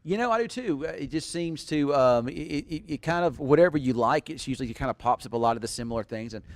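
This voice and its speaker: Relaxed rambling male stream host. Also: medium pitch, quick pace, no room sound. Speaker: host of a weather livestream. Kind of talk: casual chat.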